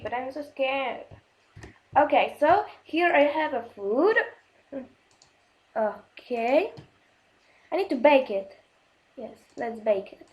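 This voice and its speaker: Gasps and nervous laughter punctuate the casual gameplay commentary of this gaming video host, a high-voiced woman who is excitable, jumpy and easily startled. She speaks halting non-native English and frequently restarts.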